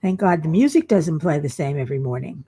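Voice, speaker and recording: A tired, yawning woman hosts a casual crafting livestream, chatting and reading viewer comments aloud while she works. Her voice is deep, mellow and husky, and she talks fairly quickly and with a lot of animation.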